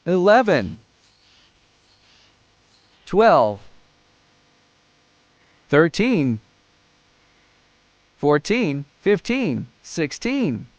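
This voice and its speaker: Male field educator, animated delivery, slightly high voice, excitable commentary. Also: drawn-out words, long pauses, no echo. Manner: excited exclamations, counting aloud. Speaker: snake educator.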